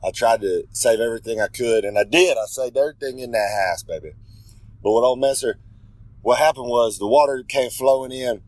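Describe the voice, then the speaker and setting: A man's voice: medium pitch, a little fast, no echo, poor audio. A man delivering a rambling, swaggering wrestling promo, talking about himself in the third person. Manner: rambling, with self-corrections. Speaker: pro wrestler giving a regular segment.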